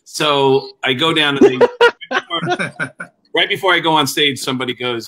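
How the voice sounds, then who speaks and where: A man's voice: medium pitch, big pitch swings, normal speed, bright, forceful tone, low-quality recording. A man co-hosting a comedy podcast, telling a story in a casual, conversational way. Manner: laughing, swearing, conversational.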